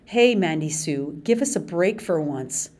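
A blunt, hot-tempered teenage boy, as a woman reads him in an audiobook. He speaks up higher and louder than the narration, slow and pointed. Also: lively intonation. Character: angry defiant teenage boy.

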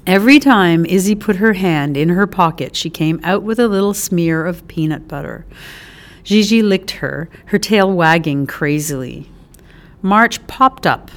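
A woman narrating an audiobook with an expressive, animated delivery. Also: fairly low pitch, measured pace.

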